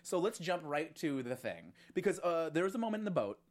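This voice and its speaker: Animated woman with a very lively voice. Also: low-pitched, brisk, heavy background noise. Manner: animated, acts out quotes in voices, many fillers. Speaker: podcast co-host. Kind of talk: casual chat recapping a TV series.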